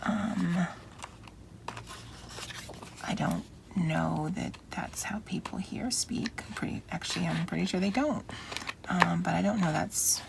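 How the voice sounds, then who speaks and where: A middle-aged woman chatting softly and often half-whispering as she decorates her planner, with a Valley Girl lilt. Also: on the low side, measured pace, gravelly, long pauses, background noise. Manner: soft, often half-whispered, self-deprecating. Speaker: planner vlogger. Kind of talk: casual crafting chat.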